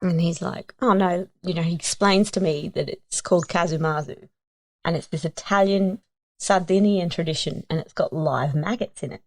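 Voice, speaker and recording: An Australian woman in her thirties, a podcast guest, telling a story in a lively, casual way and acting out other people's voices. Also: on the low side, normal speed, dry recording. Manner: animated storyteller, acts out voices.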